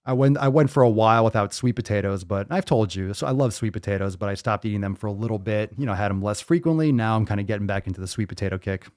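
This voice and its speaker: A man's voice: lowish voice, quick pace, hardly any pauses, no echo, clean studio sound. A man hosting a podcast, chatting casually about training and food in a loose, profane, rambling way. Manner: profane, loose and rambling, with sudden loud outbursts. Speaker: podcast host.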